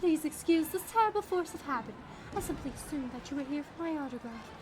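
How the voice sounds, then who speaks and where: A woman voicing a polite, eloquent male galactic superstar actor, speaking formally and smoothly. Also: high voice, expressive, quick pace, background noise, pitched below the performer's own voice. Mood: gracious.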